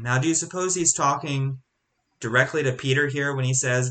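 A man leading a Bible study in a halting, conversational way, full of restarts and rhetorical questions. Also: medium pitch, a bit bright. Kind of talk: casual Bible teaching.

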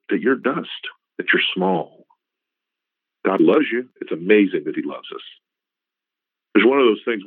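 A man's voice: on the low side, no room sound. A middle-aged man teaching a Bible passage in a casual, conversational way. He often repeats "you know" and restarts his phrases. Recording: tinny phone-like radio recording, dry.

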